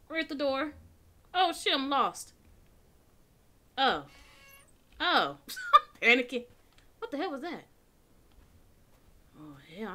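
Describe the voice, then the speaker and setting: A woman's voice: medium pitch, pushed and bright. A young woman, playing a horror game and talking to herself, swearing and jumpy. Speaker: gaming channel host. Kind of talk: horror game let's play.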